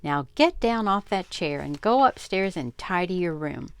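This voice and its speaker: A sensible storybook mother, patient and firm, with a lively lilt and a little gravel in her voice, as an older woman reads her part. The recording is close and dry. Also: lowish voice, measured pace, dry recording. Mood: calm.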